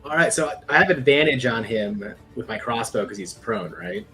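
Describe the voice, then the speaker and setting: A man's voice: mid-range voice, animated, normal speed, creaky, music in the background. Laid-back male tabletop player. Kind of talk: casual tabletop play.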